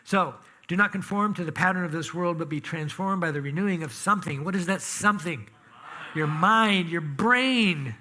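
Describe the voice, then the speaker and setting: Conversational preacher, a man with higher pitch. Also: fairly quick, bright, forceful tone. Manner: conversational, emphatic, asks the congregation questions. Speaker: pastor. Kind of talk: sermon. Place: church sanctuary.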